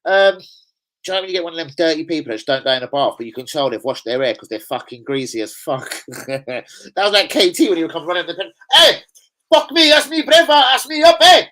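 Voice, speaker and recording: A man hosting a casual live stream, sweary and rambling as he shouts out his viewers. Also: a little high, animated, quick pace, rough recording. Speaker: live-stream host and football fan. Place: home room with a laptop. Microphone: laptop setup.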